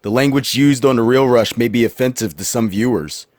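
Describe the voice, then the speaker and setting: A man voicing a deep, stern announcer who reads a content warning in a rapid, clipped way. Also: no echo, studio quality, natural voice.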